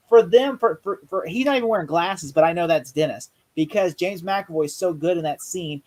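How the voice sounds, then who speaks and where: Excitable man with a higher voice. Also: poor audio. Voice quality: excitable, rambling, quick to act out quotes. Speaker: podcast co-host. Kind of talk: casual movie review chat.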